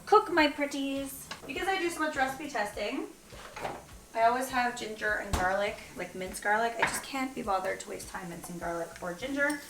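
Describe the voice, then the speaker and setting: A vegan cooking vlogger chats casually in her home kitchen as she cooks, joking and thinking out loud along the way. Her mid-range voice is expressive and fairly quick, and the kitchen sounds echoey with faint noise.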